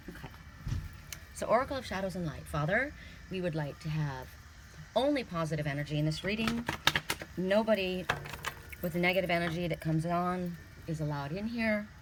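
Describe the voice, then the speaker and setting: A woman's voice: fairly low pitch, fairly bright tone, slight background noise. Chatty, blunt woman reading oracle cards. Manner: chatty and blunt, swears casually, laughs often. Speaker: tarot and oracle card reader. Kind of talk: casual card reading.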